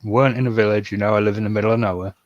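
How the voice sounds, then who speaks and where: Low-voiced teasing male podcast co-host. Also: fairly even intonation, very fast, no echo, dull audio. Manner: teasing, storytelling. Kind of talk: casual banter.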